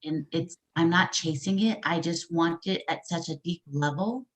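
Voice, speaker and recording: This coaching client, a woman appearing as an interview guest, has a lowish voice and keeps a moderate pace. The conversation is casual, and she opens up candidly and with emotion, punctuated by laughs and sighs.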